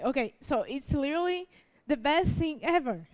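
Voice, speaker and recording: A young woman giving an emotional testimony as a preacher, tearful, halting and restarting often. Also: high voice, lively intonation, a little mellow. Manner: halting, restarts often, laughs through tears. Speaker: youth preacher.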